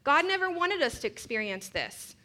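A woman's voice: high voice, big pitch swings, moderate pace, bright, forceful tone. A woman preaching a sermon, earnest and reflective, mixing scripture with personal stories.

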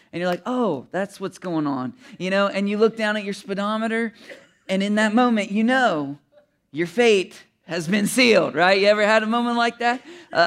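A pastor in his thirties preaches with a chatty, joking delivery and keeps turning to the audience with questions. His voice sits fairly high and comes across smooth and resonant. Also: a bit bright. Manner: conversational and humorous, asks the audience questions, often chuckles. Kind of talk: sermon with personal storytelling.

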